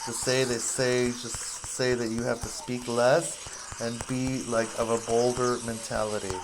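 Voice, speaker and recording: A man's voice: medium pitch, flat delivery, measured pace, background noise. A man giving casual, rambling gameplay commentary, goofy and self-mocking as he plays.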